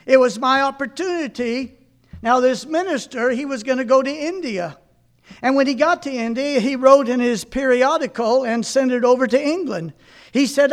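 A man preaching fervently, reading aloud from a book and stopping to comment, with exclamations of praise. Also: very high voice.

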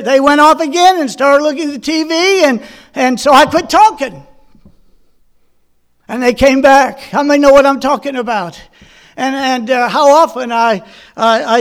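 A man's voice: very high-pitched, a bit bright. A middle-aged man preaching a sermon, telling folksy personal stories and asking the congregation questions. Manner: folksy storytelling with personal anecdotes. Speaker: pastor.

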